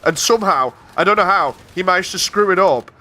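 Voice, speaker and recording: A man's voice: sits high, expressive, brisk, sharp tone, a little hiss or hum. A man streaming a game, rambling through an exasperated story with frequent laughs. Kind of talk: casual chat while gaming.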